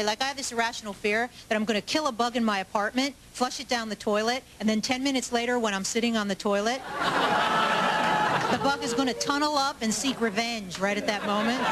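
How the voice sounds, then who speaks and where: A woman doing a stand-up comedy set on a club stage, chatty and self-mocking, with quick asides to the crowd. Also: a little high. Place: comedy club stage before a live audience. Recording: live club with loud audience laughter and noise.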